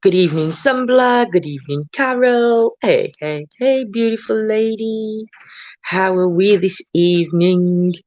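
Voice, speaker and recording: A woman's voice: medium pitch, a little slow, darkish tone, no echo, dull audio. An older woman, tired, chatting casually on a live stream as a tarot reader, greeting viewers by name with many ums.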